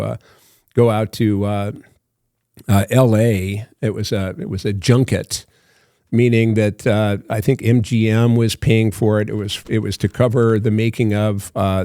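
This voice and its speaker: Gravelly older man telling a story. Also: fairly low pitch, a little mellow, dry recording, studio quality. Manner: rambling, halting with many fillers, acts out phone calls. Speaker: podcast guest. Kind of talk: casual storytelling.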